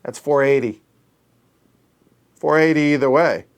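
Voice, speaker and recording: A man's voice: medium pitch, unhurried, clean tone. A middle-aged man playing a solo board game, counting aloud under his breath and correcting himself as he thinks. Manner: muttering, self-correcting. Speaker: board game show host.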